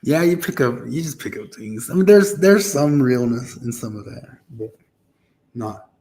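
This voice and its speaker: A man's voice: mid-range voice, moderate pace, warm tone. A man, a podcast co-host, chatting in an easygoing way, often laughing and trailing off. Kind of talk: casual chat.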